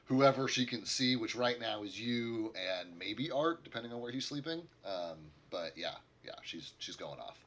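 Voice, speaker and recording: A man's voice: mid-range voice, lively intonation, moderate pace, hardly any pauses, fairly bright tone. A man narrating as game master, rambling with many fillers.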